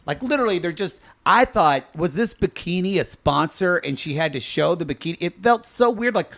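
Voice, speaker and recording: Man, podcast co-host, casual gossipy banter, fairly high voice, very animated pitch. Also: a little fast, creaky. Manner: gossipy, lively banter about reality TV. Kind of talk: casual chat.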